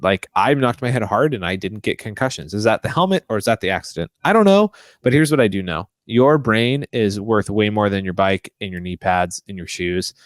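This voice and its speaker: A man's voice: lowish voice, a little fast, hardly any pauses, no room sound. Chatty young man hosting, dry sound. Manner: animated, acts out other people's quotes. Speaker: podcast host. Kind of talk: casual chat.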